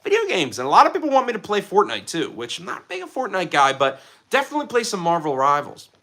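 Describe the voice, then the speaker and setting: A man in his twenties with a light Philadelphia accent, hosting a casual livestream and chatting with viewers in an excitable, jokey way. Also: high-pitched, fast talker. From Philadelphia, USA. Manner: excitable, animated, jokey, drops into playful voices. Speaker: livestream host. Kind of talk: casual live chat reading viewer comments.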